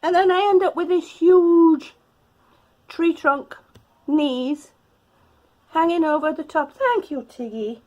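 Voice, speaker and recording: High-voiced breathless woman in her fifties. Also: slow, long pauses, darkish tone, lo-fi sound. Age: 50s. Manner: chatty, laughs often, coos at her cats. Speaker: vlogger. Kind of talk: casual home vlog.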